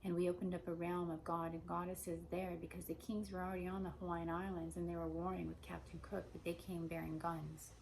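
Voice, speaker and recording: Woman, lowish voice, rambling spiritual speaker, repetitive and meandering, with slow emphatic stretches. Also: little pitch movement, vocal fry, darkish tone, a little hiss or hum, rough recording.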